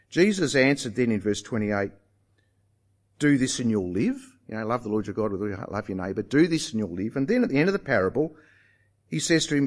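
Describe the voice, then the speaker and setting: A man preaching a sermon, emphatic and animated, putting rhetorical questions to his listeners. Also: medium pitch, gravelly.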